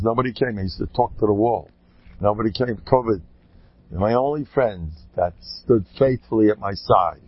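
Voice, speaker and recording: A man's voice: lowish voice, husky, lo-fi sound. A man telling rambling, joking stories, with frequent restarts and asides. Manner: digressive, joking, many restarts. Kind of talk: rambling anecdotal talk with jokes.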